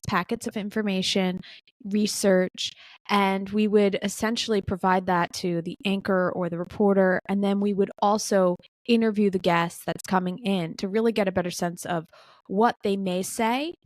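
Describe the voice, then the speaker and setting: A woman hosts a podcast interview in an easy, conversational way, speaking to her guest and now and then to the audience. Her voice sits at a medium pitch and sounds close and dry, with no room echo. She fills pauses with casual asides. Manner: talks straight to the audience, frequent fillers like "you know". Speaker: podcast host.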